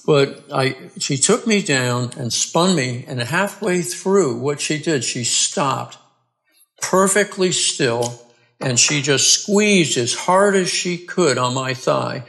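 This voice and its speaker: A man, a podcast guest, earnestly telling his own story in a halting way, restarting and repeating words. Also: a little high, animated, creaky, fairly bright tone. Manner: earnest and plain-spoken. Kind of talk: conversational storytelling.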